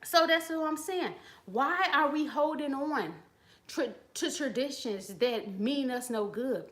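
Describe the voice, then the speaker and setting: Woman, high voice, live-stream host, blunt, preachy, slangy, phone mic. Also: takes it slowly, a bit bright. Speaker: channel host giving advice. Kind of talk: live-stream chat, reading viewer comments.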